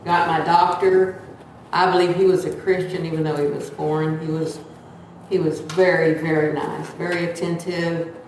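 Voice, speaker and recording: A woman's voice: sits low, flat delivery, normal speed, darkish tone, slight background noise. A woman, chatting through a personal testimony and acting out the voices of the people in it. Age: 70s. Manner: chatty, acts out quoted voices. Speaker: church member sharing a testimony. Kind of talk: casual storytelling testimony. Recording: echoey room, distant mic.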